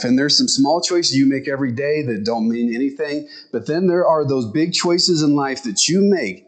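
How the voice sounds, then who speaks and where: A middle-aged man preaching a sermon in a conversational way, now and then acting out lines in squeaky voices. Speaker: pastor.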